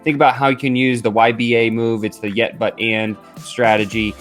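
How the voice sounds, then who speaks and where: A man hosting an upbeat sales coaching vlog, talking in an energetic, chatty way with frequent fillers. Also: medium pitch, normal speed, faint music behind.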